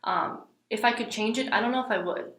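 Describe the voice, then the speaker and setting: A woman's voice: fairly high pitch, fairly quick. Easygoing young woman guest. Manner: relaxed, easygoing, lots of "like" and "you know". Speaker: guest, YouTuber. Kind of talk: casual interview chat. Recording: roomy echo.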